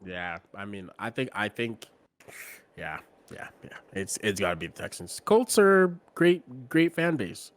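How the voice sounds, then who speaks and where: A man's voice: lowish voice, expressive, a little slow. A man co-hosting a casual sports podcast, talking bluntly and with strong opinions, often trailing off and restarting his sentences. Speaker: podcast co-host.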